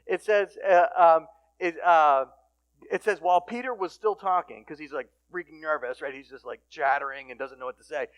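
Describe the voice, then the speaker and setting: High-voiced man preaching with swings in volume. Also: moderate pace, highs cut off. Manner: animated, swings from hushed to loud emphatic; casual conversational phrasing with restarts. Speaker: recovery ministry speaker. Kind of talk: sermon.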